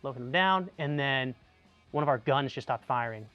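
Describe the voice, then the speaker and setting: Speaking at medium pitch and a moderate pace, a young man from Tucson, Arizona, who served in the army, shares casual anecdotes. The sound is lo-fi with faint music behind, and his delivery is animated and chatty, loaded with "like" and restarts.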